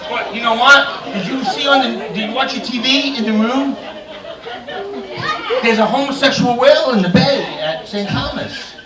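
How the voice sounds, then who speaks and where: A man's voice: very high-pitched, moderate pace, over a noisy crowd. A man doing a bawdy stand-up set in a comedy club, telling dirty jokes with lots of "I said, he said.". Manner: crude, bawdy joke-telling with frequent "I said, he said". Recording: echoey room, mic far off.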